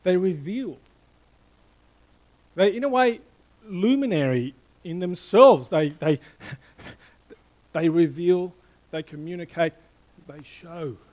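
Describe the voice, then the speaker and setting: A middle-aged man preaching a sermon, animated and playful, quizzing the congregation and then dropping to a hushed tone for emphasis. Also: high voice, slow, long pauses, poor audio. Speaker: pastor.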